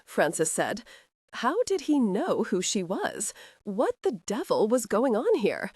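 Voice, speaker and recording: Expressive woman audiobook narrator. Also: medium pitch, slow, husky, no room sound, studio quality. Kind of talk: scripted narration.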